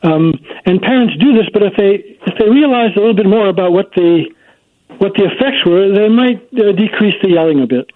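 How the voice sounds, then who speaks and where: A man, a psychology professor, answering interview questions in a measured, hesitant way. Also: high voice, expressive. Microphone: phone line. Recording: tinny phone line.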